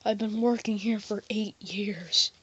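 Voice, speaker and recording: A woman doing a bored, flat fast-food cashier. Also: medium pitch, husky, no room sound, lo-fi sound.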